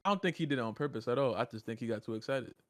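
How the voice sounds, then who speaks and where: A man talks loosely with his podcast co-host, cursing and joking. His pitch moves over a wide, lively range. The sound is close and dry. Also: rapid-fire, dry recording. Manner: laid-back, joking, swears freely. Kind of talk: casual chat.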